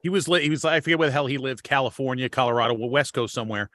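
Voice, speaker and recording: A man's voice: medium pitch, racing, dry recording. Crude, swearing man in dry close audio. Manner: crude, swears freely, energetic. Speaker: podcast co-host. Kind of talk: casual chat.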